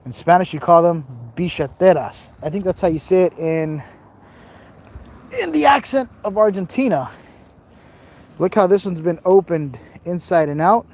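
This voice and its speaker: A man's voice: high-pitched, lively intonation, normal speed, pauses often, a little mellow. A tired man chatting casually on a phone live stream while he explores outdoors, rambling, joking and reading viewer comments aloud. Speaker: livestream host exploring outdoors. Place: outdoors on rough open ground. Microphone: phone camera held while walking.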